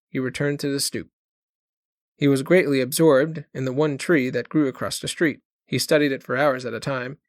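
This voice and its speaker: A man reading a short story aloud as an audiobook narrator, in a measured storytelling manner. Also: medium pitch, vocal fry, no echo, clean studio sound. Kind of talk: scripted narration.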